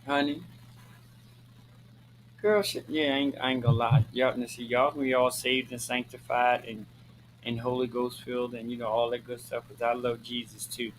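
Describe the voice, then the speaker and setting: This is a male show host from Maryland delivering a casual talking-head monologue, sassy and flamboyant, calling his viewers honey and girl and swearing freely. He preaches emphatically and repeats lines for effect. His mid-range voice comes across flat at a normal speed, and the poor audio carries slight background noise.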